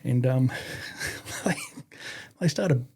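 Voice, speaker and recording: A man's voice: mid-range voice, drawn-out words, creaky, husky. A man with an Australian accent telling a long, profane army story in casual conversation, acting out the people he quotes. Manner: profane, animated, acts out quotes. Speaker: guest.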